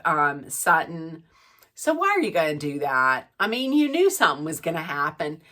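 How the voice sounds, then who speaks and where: A middle-aged woman chatting through a gossipy, animated recap of a reality show. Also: lowish voice. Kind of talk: casual recap chat.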